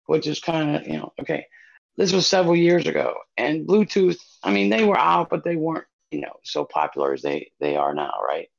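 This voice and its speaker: Gravelly-voiced woman telling a story. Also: low voice, very animated, fairly quick. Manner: storytelling with lots of fillers. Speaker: podcast co-host. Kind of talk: casual podcast chat. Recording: dull lo-fi podcast recording.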